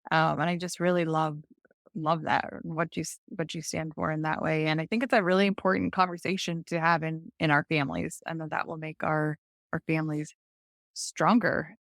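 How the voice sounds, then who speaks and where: A woman hosts a casual podcast interview, responding appreciatively as she searches for her words. Her voice sits slightly low for a woman. The sound is dry and close. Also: level tone, moderate pace, fairly bright tone, dry recording. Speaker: podcast host.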